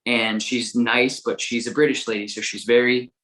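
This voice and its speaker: Excitable man telling a story. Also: mid-range voice, normal speed, poor audio. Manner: animated, excitable, swears often, repeats words. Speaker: podcast guest, dog trainer. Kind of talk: casual storytelling.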